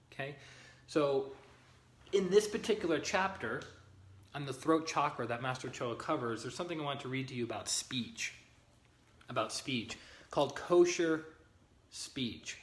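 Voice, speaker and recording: A man's voice: medium pitch, a bit bright. A man giving a live-streamed spiritual teaching, earnest and often checking in with his listeners. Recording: roomy echo.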